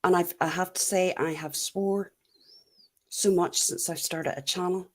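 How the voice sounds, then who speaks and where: A woman's voice: lowish voice, a little mellow. A middle-aged Irish woman chatting casually as she answers live comments, blunt and laughing often. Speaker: YouTube livestream host.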